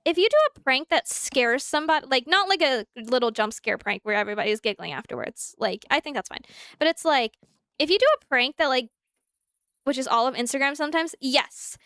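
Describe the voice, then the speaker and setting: A woman's voice: high-pitched, brisk, smooth, no echo, studio quality. A young adult woman streamer chatting casually and animatedly, answering her chat while she plays. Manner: animated, talks through examples, answers chat.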